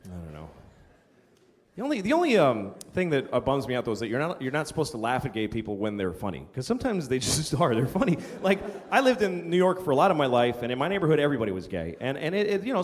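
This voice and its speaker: A middle-aged man doing a stand-up comedy set, ranting and profane, now and then shouting in put-on voices. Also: medium pitch. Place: comedy stage before a live audience. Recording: live hall with long reverb, faint crowd.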